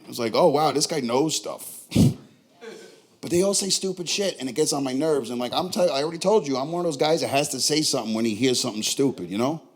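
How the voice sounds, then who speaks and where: A man's voice: mid-range voice, animated, quick pace, slightly rough. A young man with a Tulare, California accent performing a profane, brash stand-up comedy set. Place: comedy club.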